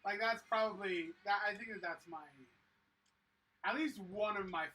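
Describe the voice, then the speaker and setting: A livestream host chatting casually while building a set and answering viewers, excitable and enthusiastic, with lots of fillers. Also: medium pitch, moderate pace. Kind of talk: casual chat reading viewer comments. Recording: slightly distant mic with faint noise.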